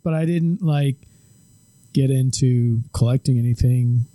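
A man co-hosting a podcast, chatting easily and in a relaxed way about films. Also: mid-range voice, measured pace, no echo. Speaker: podcast co-host. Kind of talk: casual chat about films.

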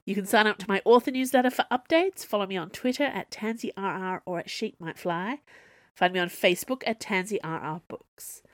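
A woman's voice: brisk, dry recording, clean studio sound. A woman author reading her own serial story aloud, acting out the dialogue. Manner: expressive, voices dialogue with big pitch jumps. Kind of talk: storybook narration.

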